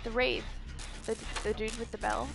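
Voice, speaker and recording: A young woman streaming a game, excitable and dramatic, swearing often in casual chat. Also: fairly high pitch, normal speed, vocal fry, over music.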